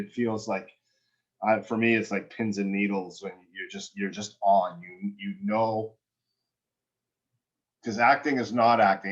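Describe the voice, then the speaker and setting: A man's voice: fairly low pitch, lo-fi sound. A man working as an acting coach, giving a student direct and encouraging feedback in a one-on-one session, often restarting his sentences.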